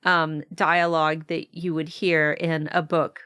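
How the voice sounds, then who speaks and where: Low-voiced woman chatting in a dry room. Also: level tone, a little slow, fairly bright tone, clean tone, no echo. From United States. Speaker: podcast co-host. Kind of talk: casual chat.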